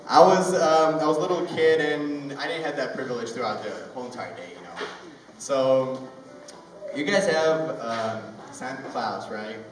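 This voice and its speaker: A man's voice: medium pitch, over music. A young man from Ukraine with a Ukrainian accent, a native Russian speaker doing stand-up at an open mic in a rambling storytelling way. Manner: rambling, conversational storytelling with halting restarts. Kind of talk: stand-up comedy. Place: comedy club open mic. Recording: echoey room, mic far off, ambient noise.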